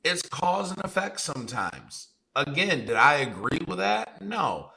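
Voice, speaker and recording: A man's voice: on the high side, sing-song, measured pace, creaky, sharp tone, poor audio. A man co-hosting a podcast, giving heated commentary in a blunt, profane way with a string of rhetorical questions. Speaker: podcast co-host.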